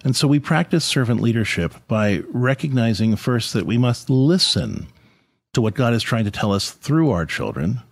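Earnest man talking parenting, lively pitch. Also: normal speed, creaky, no room sound. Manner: earnest, conversational, many restarts and asides. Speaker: podcast host and parenting speaker. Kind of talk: reflective talk on faith and parenting.

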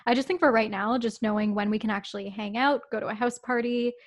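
A woman's voice: a little high, steady tone, quick pace. A woman in her twenties co-hosting a podcast, chatting casually, giggly and earnest. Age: 20s. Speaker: podcast co-host. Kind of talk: casual chat.

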